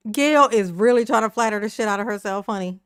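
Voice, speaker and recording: A woman's voice: medium pitch, fast, clear, resonant tone, no echo, clean studio sound. A woman hosting a casual commentary video, sassy and profane, laughing often as she reacts to a clip. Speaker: reaction channel host.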